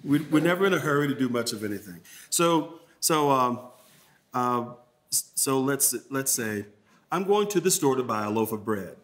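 A man with a Southern accent teaches a journalism workshop in a mid-range voice, neither high nor low. He speaks in a halting, unhurried way and restarts his phrases by repeating words. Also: animated, fairly bright tone. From Mississippi, USA. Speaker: journalism trainer. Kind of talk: workshop talk with audience questions.

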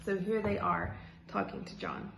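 A woman's voice: on the low side, huge pitch swings, moderate pace, gravelly, very noisy. A woman teacher reading a children's chapter book aloud, stopping to explain in a casual way with many fillers. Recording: echoey room.

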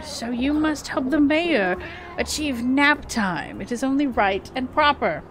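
A woman voicing a lazy, self-important male cat mayor with a low, grand, sleepy manner, reading game dialogue. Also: animated, a little slow, a bit bright, slight background noise. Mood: pompous, drowsy.

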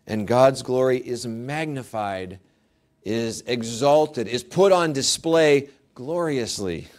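A male pastor preaching a sermon, emphatic and rising to forceful peaks, acting out quoted prayers with mock pleading. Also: mid-range voice, slow.

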